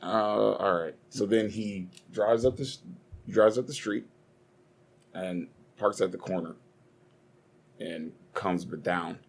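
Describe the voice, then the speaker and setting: A man's voice: low voice, fairly even intonation, slow, pauses often, darkish tone, breathy edge. A young man co-hosting a casual podcast, rambling and swearing as he argues and tells stories. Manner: profane, rambling, heated storytelling. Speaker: podcast co-host.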